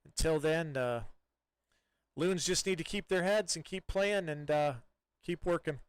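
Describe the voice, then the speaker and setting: A man doing live play-by-play soccer commentary in a relaxed, chatty way, with many fillers and restarts. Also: a little high, a little slow, clear, resonant tone, no room sound.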